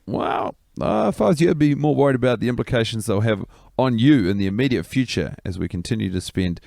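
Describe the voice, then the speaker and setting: A man co-hosting a comedy podcast, recapping a film scene in an animated, exasperated way. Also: medium pitch, fast talker, vocal fry, no room sound, clean studio sound. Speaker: podcast co-host.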